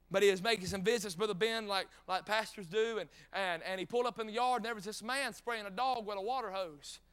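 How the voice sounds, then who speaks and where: A middle-aged man preaching a revival sermon in a North Carolina drawl. His voice sits very high and sounds clear and smooth, with a bright, forceful edge. He tells stories folksy-style, cracks jokes and climbs to shouted peaks. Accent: North Carolina Southern. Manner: folksy, joking asides, rising to shouted peaks.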